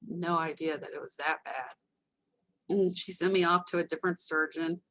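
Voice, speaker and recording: A woman telling her life story to an online audience, casual and candid, with self-mocking asides and lively acted-out quotes. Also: normal speed, a little hiss or hum. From Texas. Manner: animated, acts out quoted voices with sudden pitch jumps. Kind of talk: casual personal storytelling with humor.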